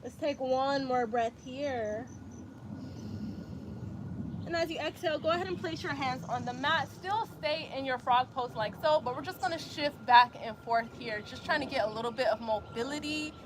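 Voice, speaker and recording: A woman's voice: high voice, normal speed, noisy background. A young woman teaching an outdoor yoga flow, cueing breaths and poses with chatty, slangy asides to her viewers. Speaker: yoga instructor. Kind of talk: guided yoga instruction. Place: outdoors in light rain.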